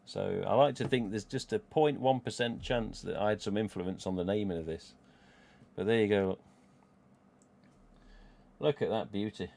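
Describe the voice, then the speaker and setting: A man's voice: fairly low pitch, moderate pace, gravelly, a little mellow. A middle-aged man with an English Midlands accent, chatting casually on a live stream, rambling and swearing freely as he goes. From England. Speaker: livestream host.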